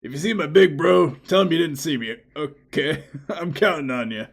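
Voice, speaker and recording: A man's voice: fairly high pitch, moderate pace, creaky. A man voicing a friendly young male villager in a video game who gets flustered and stammers.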